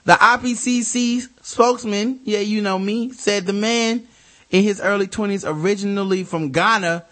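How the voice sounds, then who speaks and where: A man's voice: high-pitched, fairly even intonation, normal speed, fairly bright tone. A man co-hosting a casual comedy podcast, reading listener mail and news stories aloud and riffing on them with lots of swearing and jokes. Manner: profane, joking, reads news aloud with riffs. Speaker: podcast co-host.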